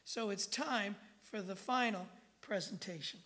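Bright-voiced woman preaching a sermon. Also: medium pitch, measured pace. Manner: emphatic, checks in with the congregation often. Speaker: pastor.

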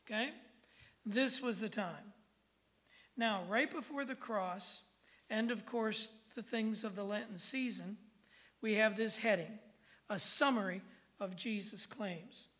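Bright-voiced woman preaching a sermon. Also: mid-range voice, slow, pauses often. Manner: emphatic, checks in with the congregation often. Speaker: pastor.

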